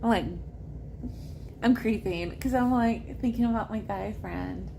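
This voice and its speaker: A woman in her forties vlogging in a casual chat to camera, rambling and halting with lots of fillers. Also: on the high side, creaky, dark tone, slight background noise. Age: 40s.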